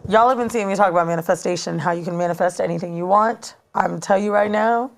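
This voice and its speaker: A woman in her thirties telling a story in casual chat as a podcast co-host, animated and slangy, recorded in a studio. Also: fairly low pitch, quick pace, gravelly. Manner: animated, slangy, dramatic retelling.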